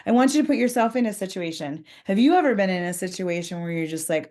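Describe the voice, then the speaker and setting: A woman's voice: fairly high pitch, animated, fast, few pauses, warm tone. A woman giving a conversational professional development talk to school leaders, earnest, acting out short example dialogues.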